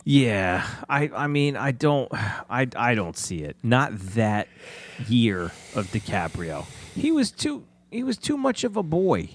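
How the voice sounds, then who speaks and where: A man's voice: medium pitch, big pitch swings, takes it slowly. A man with a South Jersey Philly accent co-hosting a casual movie chat, telling rambling stories with many restarts. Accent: South Jersey/Philadelphia. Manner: rambling, stumbles and restarts, storytelling. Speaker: podcast co-host.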